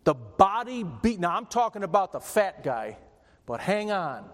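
A man's voice: high voice, very animated, a little slow. Preaching man in a reverberant hall. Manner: emphatic, repetitive, restarts often. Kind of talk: sermon.

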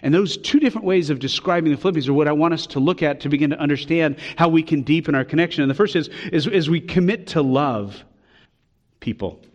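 A man delivers a sermon in a church sanctuary with long reverb trailing each phrase. He speaks in an earnest, heartfelt way and climbs higher when stressing a point. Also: highs cut off. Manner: earnest, warm preaching with emphatic rises. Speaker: pastor.

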